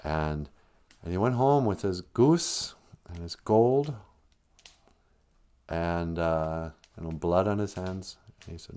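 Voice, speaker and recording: Speaking slowly in a mellow, deep voice, this man hosts a podcast and spins a comic fairy tale full of long pauses. His delivery is rambling and jokey, and he chuckles at his own tale.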